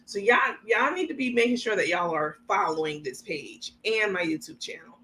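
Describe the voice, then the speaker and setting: A woman's voice: medium pitch, expressive, moderate pace, a bit bright, low-quality recording. A sleepy woman hosting a live commentary stream, chatting straight to her viewers in a loose, rambling way and often breaking into laughter.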